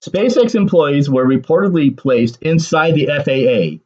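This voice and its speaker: A man's voice: on the high side, animated, moderate pace, a little mellow, dull audio. A man giving a ranting solo political commentary, sarcastic and agitated, swearing and laughing bitterly.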